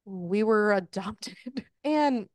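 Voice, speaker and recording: A woman with a medium-pitched voice talks extremely slowly as she co-hosts a book-recap podcast, animatedly retelling the plot with lots of cursing and laughter. It's recorded at studio quality with no echo.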